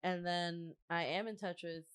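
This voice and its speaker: A young woman from New Jersey hosting a casual podcast chat, laughing often and trading quick banter. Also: fairly low pitch, steady tone, fairly bright tone, smooth, dry recording. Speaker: podcast host.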